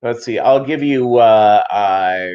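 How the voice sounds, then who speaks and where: A man's voice: medium pitch, slow. A man hosting a fish-keeping channel, chatting casually and rambling with many fillers on a live stream. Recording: dull lo-fi sound.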